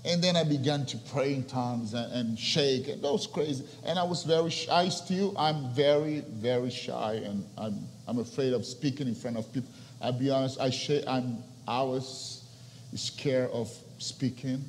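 A young man preaching a sermon as a pastor. He drops to soft, near-whispered lines, then builds to loud, soaring passages. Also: mid-range voice, moderate pace. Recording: long reverb of a large hall with faint ambience.

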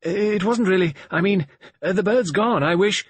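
A man reading an audiobook voices a flustered middle-aged gentleman who stammers hesitantly. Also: high voice, moderate pace, slightly rough, no room sound, voice pushed up.

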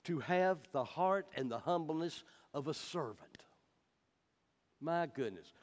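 A man's voice: fairly high pitch, lively intonation, slow pace. A man teaching the Bible in a folksy, emphatic way, with personal stories.

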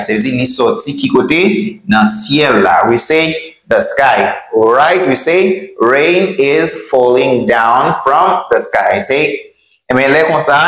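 Guy teaching english vocab, slow drawn-out repeats, echoey room. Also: mid-range voice, a bit bright. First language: Haitian Creole. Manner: slow, drawn-out repetition of English words, quick in Haitian Creole. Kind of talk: bilingual vocabulary lesson.

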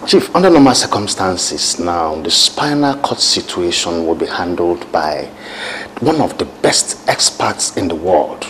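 An actor with a Nigerian accent playing a composed hospital doctor in a film drama, speaking in a measured, reassuring way with small hesitations. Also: male voice, sits low, expressive, a bit bright, slight background noise, low-quality recording.

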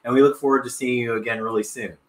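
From his home kitchen, a middle-aged man hosts a live cooking stream, upbeat and chatty as he reads viewer comments aloud. He speaks quickly at a medium pitch with fairly even intonation, and the sound is roomy.

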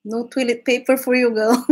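A woman's voice: on the high side, little pitch movement, moderate pace, low-quality recording. A woman hosting a live drawing stream, chatting casually with viewers, laughing often and restarting her sentences.

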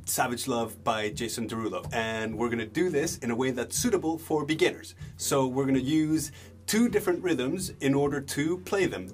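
A young man teaching a beginner drum lesson, relaxed, chanting rhythm words slowly as he claps and plays. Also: mid-range voice. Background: drums and backing music.

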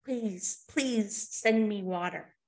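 A woman's voice: mid-range voice, slow. Lady telling a story and doing a desperate thirsty guy lost in the desert, begging over and over. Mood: pleading. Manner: pleading.

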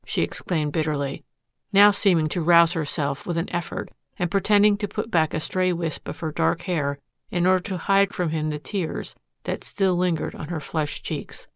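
Female audiobook narrator, measured and steady, with a gravelly texture. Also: fairly low pitch, no room sound, studio quality. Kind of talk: scripted narration.

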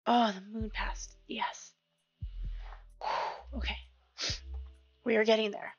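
A woman's voice: on the high side, little pitch movement, takes it slowly, breathy edge, dry recording. A woman streaming a video game, talking to herself in casual commentary and startling easily. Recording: dull lo-fi mic with faint music.

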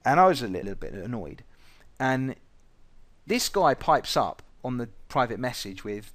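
A man in a mid-range voice gives a recorded lesson on trading. He talks bluntly and swears freely. He tells lively stories from his own experience to make his points. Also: medium pitch, measured pace. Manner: blunt and profane, lively storytelling. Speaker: trading educator.

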